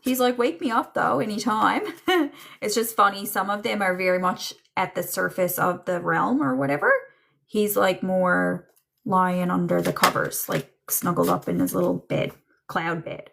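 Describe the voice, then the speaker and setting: A woman doing a live psychic reading for chat viewers, slow and musing, with many ums and trailing thoughts. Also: fairly low pitch, creaky, fairly bright tone. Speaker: psychic medium.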